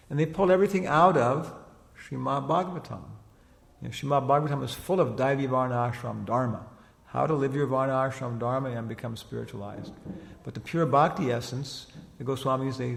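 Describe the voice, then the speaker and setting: A spiritual teacher with a deeply gravelly, creaky voice delivers an informal religious lecture, rambling and chatty, full of "you know" fillers and laughing as he retells stories. The recording has a long reverberant tail like a lecture hall, plus slight hiss or hum.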